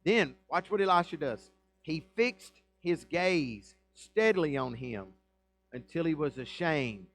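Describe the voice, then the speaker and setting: A man's voice: mid-range voice, low-quality recording. A man preaching a sermon as pastor, reading scripture and explaining it in a conversational way with rhetorical questions and asides. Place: church.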